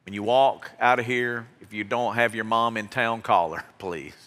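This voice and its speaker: A man's voice: mid-range voice, fairly even intonation, moderate pace, fairly bright tone. Heartfelt male pastor in a ringing hall. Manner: earnest, heartfelt exhortation. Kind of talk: sermon. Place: church sanctuary. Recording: long reverb of a large hall.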